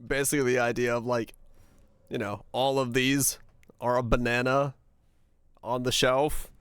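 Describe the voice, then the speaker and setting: A man's voice: medium pitch, level tone, measured pace, a bit bright, clean tone, dry recording, studio quality. A young man streaming a game, rambling and joking to himself and humming nonsense tunes in casual chatter. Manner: hums and sings nonsense tunes.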